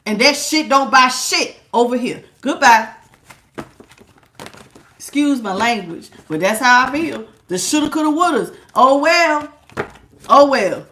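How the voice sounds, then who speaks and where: A woman's voice: sits high, animated, measured pace, pauses often, fairly bright tone, a little hiss or hum. A woman giving a casual tarot reading, talking in a sassy, emphatic way with lots of slang. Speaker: tarot reader.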